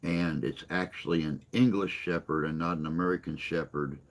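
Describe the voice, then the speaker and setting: A man's voice: a bass voice, fairly even intonation, moderate pace. A man hosting a morning live stream, chatting casually and joking with viewers in a rambling way. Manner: rambling, joking, reads and answers chat.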